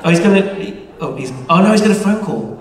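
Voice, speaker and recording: A man's voice: high-pitched, animated, quick pace, a little hiss or hum. A man hosting a panel on a theatre stage before a live audience, chatty and joking. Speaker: panel host. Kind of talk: onstage panel discussion. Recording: echoey theatre, distant mic.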